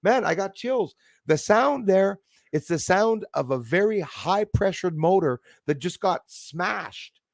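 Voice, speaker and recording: A man hosting a casual chat, telling stories in an excitable, animated way. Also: high-pitched, takes it slowly, vocal fry, no echo, studio quality. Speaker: podcast host.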